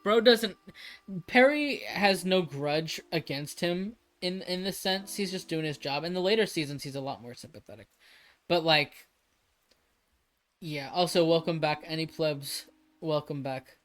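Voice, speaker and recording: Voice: mid-range voice, a little slow, a bit bright. Rambling, swearing livestreamer in casual chat. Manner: rambling and emphatic, frequent restarts and swearing.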